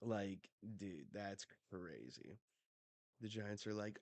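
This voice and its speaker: A man hosting a live manga reading reaction, casual and animated, swearing freely as he gets excited. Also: fairly low pitch, slow, dry recording.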